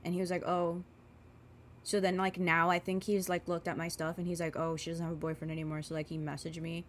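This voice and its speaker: A woman's voice: fairly low pitch, level tone, a little fast, slight background noise. A woman in her twenties ranting casually as she does her makeup, rambling and swearing, with lots of filler words. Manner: rambling and profane, with many fillers. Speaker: vlogger.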